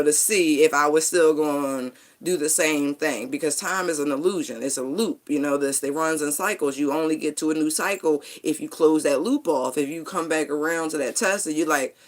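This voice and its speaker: A woman's voice: sits low, normal speed. A middle-aged woman vlogging, telling stories casually in a loose, playful way and laughing often. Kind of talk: casual storytelling monologue.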